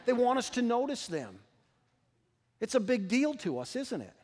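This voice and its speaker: A man preaching in a church, his fairly high voice ringing with a long reverb off the sanctuary walls. He tells lively, humorous stories about his family to the congregation. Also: normal speed. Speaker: pastor. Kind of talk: sermon with personal stories.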